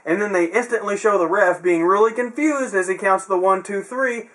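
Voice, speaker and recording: A man's voice: high-pitched, normal speed, a bit bright. A young man casually recapping a wrestling show, chatty, with sarcastic asides and frequent fillers.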